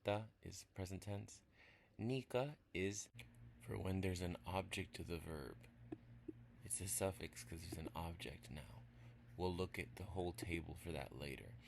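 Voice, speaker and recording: A man giving a casual spoken language lesson, walking through examples step by step in a relaxed way. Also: deep voice, moderate pace, creaky, a little hiss or hum. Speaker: language teacher.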